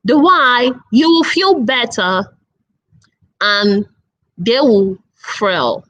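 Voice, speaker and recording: Lady doing a parenting webinar, high pitched, takes it slow, keeps repeating her point. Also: fairly bright tone, poor audio. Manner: earnest, repetitive teaching with slow emphatic phrases. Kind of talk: online webinar talk.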